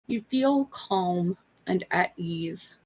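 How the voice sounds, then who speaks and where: Unhurried woman narrating as game master. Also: on the low side, slight background noise. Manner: unhurried, relaxed narration with fillers. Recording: faint music behind.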